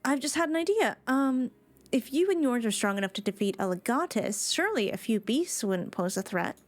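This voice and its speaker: A woman voicing a worried village woman, earnest, polite, fairly high voice, dry sound. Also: big pitch swings, brisk, dry recording. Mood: pleading. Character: worried female villager asking for help.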